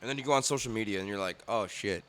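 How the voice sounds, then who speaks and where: A man's voice: lowish voice, rapid-fire, a bit bright, clear, resonant tone. A young man from Canada, ranting profanely in casual podcast chat and mimicking others in put-on voices. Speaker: podcast guest.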